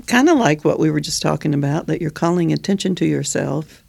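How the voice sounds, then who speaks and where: A man co-hosting a casual chat, relaxed and quick to laugh. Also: a little high, creaky, husky. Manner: laughs easily, relaxed and chatty. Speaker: podcast co-host.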